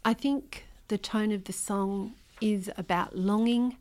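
A middle-aged Australian woman, an author, telling a painful personal story in an interview, earnest and hesitant, with frequent pauses and restarts. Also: medium pitch, fairly even intonation, over music. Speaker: interview guest, memoir author.

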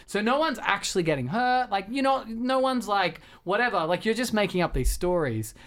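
A man's voice: high voice, lively intonation, a little fast, fairly bright tone. A man hosting a casual film podcast, rambling and self-deprecating with many fillers and restarts. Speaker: podcast host.

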